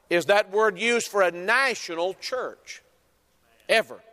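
High-voiced preacher in a reverberant hall. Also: male voice, lively intonation, a bit bright. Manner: emphatic preaching with repeated phrases and drawn-out stresses. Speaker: pastor. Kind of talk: sermon.

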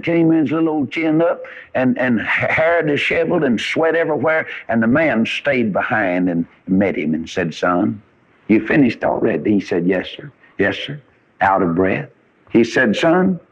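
A man's voice: medium pitch, slightly rough. A man preaching a sermon, telling folksy stories with rising and falling emphasis. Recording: dull lo-fi radio recording.

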